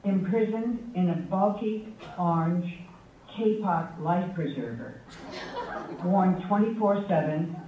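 A high-voiced man delivers a prepared tribute in an unhurried, wry storytelling manner. He sounds thin and phone-like, caught from a distance in a very echoey hall. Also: slight background noise. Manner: measured storytelling with a wry, affectionate tone. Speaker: tribute speaker at a memorial forum. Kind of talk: prepared anecdotal tribute speech. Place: university forum hall with audience.

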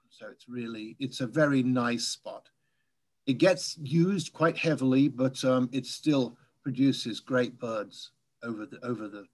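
A man from England whose English accent has softened over years in the US, a guest speaker telling relaxed, chatty stories in a Q&A over a video call. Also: mid-range voice. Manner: relaxed, chatty storytelling with light laughs. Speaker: guest speaker, birding tour leader. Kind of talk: casual Q&A after a talk.

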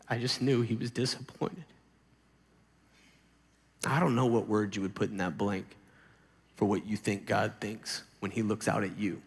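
A man in his thirties preaching to a youth camp in a conversational, animated way, raising his voice for emphasis. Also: lowish voice, unhurried, vocal fry, long pauses, big-room sound.

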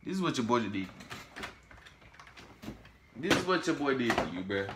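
A man hosting a reaction video, talking casually and trash-talking excitedly, often repeating himself. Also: medium pitch, a little fast, heavy background noise. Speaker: YouTube reaction host.

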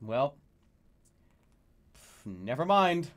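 A man streaming a video game, reacting loudly, swearing and laughing at what happens on screen. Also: medium pitch, big pitch swings, extremely slow. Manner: loud, exasperated, swearing and laughing. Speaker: streamer playing video games. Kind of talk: gaming commentary.

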